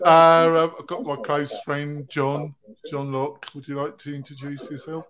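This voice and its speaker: A man's voice: a little high, flat delivery, a little slow, a crowd in the background. A man hosting a round-table podcast over a video call, jovial, laughing often and stumbling over fillers. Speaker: host.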